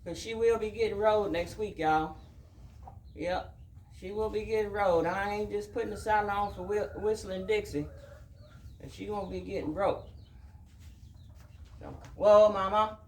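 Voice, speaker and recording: Soft-spoken man hushing a horse. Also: high-pitched, steady tone, moderate pace, reverberant, slight background noise. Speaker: horse trainer. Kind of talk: casual training commentary. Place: outdoors at a horse pen with farm birds.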